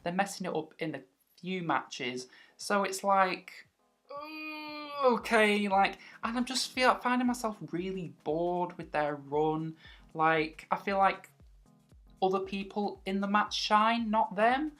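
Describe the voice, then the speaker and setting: A woman's voice: mid-range voice, lively intonation, unhurried, a bit bright, soft background music. A woman vlogging wrestling predictions in a chatty, casual way, acting out other people's reactions as she talks. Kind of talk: casual chat.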